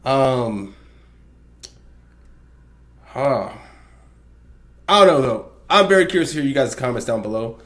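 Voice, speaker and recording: A man hosts a reaction video, talking loosely and chatting with slang and filler. His pitch sits in an everyday middle range. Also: lively intonation, measured pace, pauses often, fairly bright tone. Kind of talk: casual reaction commentary.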